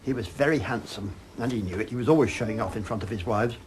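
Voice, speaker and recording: An older man telling a child a story in a lively, dramatic way, as a grandfather. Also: on the low side, fast, noisy background.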